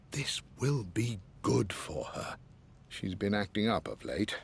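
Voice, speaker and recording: A man's voice: fairly low pitch, breathy edge, exaggerated voice. An older man playing a devoted, patient butler, reading his own letters as game voice-over in a formal, deferential manner. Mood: warm.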